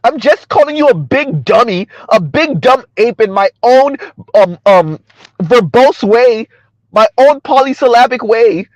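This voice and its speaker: A man's voice: very high voice, animated, unhurried, a little mellow, no room sound, pitched above the performer's own voice, rough recording. A man putting on a mocking voice of a whiny, falsely frightened well-off woman. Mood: smug.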